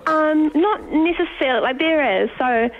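A woman's voice: sits high, moderate pace. A woman working at a dog daycare, friendly and a little hesitant, heard over a tinny, noisy phone line.

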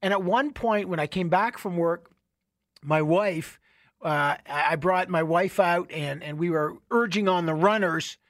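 A middle-aged man hosting a radio show, telling stories in a casual, animated way with many restarts. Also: high voice, a little slow, no room sound, clean studio sound. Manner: conversational, animated storytelling with restarts. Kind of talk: casual talk radio monologue.

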